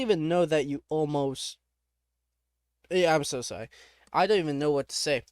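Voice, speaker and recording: A young man reading a text adventure aloud, breaking off into quick, joking asides. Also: a little high, fairly even intonation, a little mellow, no echo, studio quality. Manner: reads narration then reacts in quick, joking asides. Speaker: gamer.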